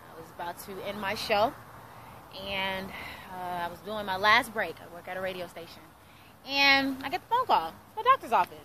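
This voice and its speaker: A woman's voice: mid-range voice, background noise. A woman in her thirties, a radio host, telling her personal testimony in an earnest storytelling way and acting out the voices in her story. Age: 30s.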